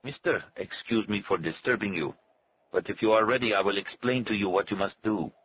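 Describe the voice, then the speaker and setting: A man's voice: on the low side, fairly quick, highs cut off, a little hiss or hum, voice pushed up, close to an everyday voice. A man voicing a sad, haughty native servant who speaks in formal, stately phrases. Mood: solemn. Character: solemn, haughty male native servant and guide. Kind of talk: audiobook character voice.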